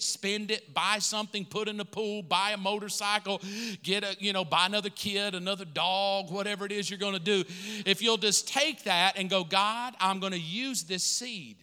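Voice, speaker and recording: A male pastor preaching a sermon full of stories, his telling animated and rising to excited emphasis. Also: high-pitched, in a large hall. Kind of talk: storytelling sermon.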